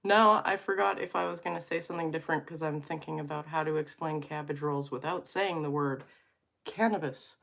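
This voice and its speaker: A low, gravelly voice with a fairly bright tone belongs to this vlogger, a woman in her thirties from Alberta, Canada. She talks a little fast with fairly even intonation, chatting casually and playfully to viewers while rambling and cutting herself short.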